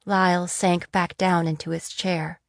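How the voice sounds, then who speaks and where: A woman narrating a fantasy audiobook in a measured, steady reading. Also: on the low side, vocal fry, dry recording, studio quality. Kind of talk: scripted narration.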